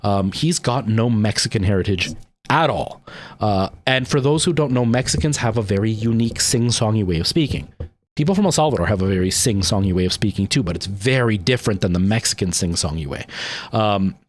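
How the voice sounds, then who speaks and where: A man's voice: fairly low pitch, animated, a little fast. A man in his thirties with a Canadian accent, chatting casually and rambling to his livestream viewers, with lots of ums and restarts. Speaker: streamer.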